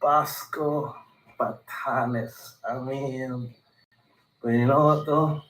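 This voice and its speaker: A man's voice: medium pitch, fairly even intonation, very slow, fairly bright tone. A man in a vlog clip, a missionary pilot speaking in a subdued, tired way. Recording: echoey vlog audio with ambient noise.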